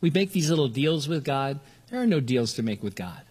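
An older man from Southern California preaching a sermon earnestly, often restarting words and lifting his pitch to stress a point. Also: big pitch swings, brisk, a little mellow, breathy edge. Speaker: pastor.

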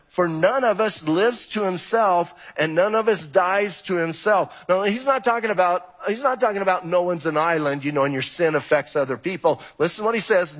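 A male pastor preaching in a relaxed, conversational way and circling back to the same phrases for emphasis. His voice sits a little high and sounds somewhat husky. It rings out with the long reverb of a church hall. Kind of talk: sermon.

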